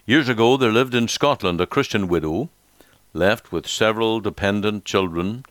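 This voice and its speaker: A male pastor preaching a radio sermon, dramatic with rising questions and slowed emphasis. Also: on the low side, fairly bright tone, no echo.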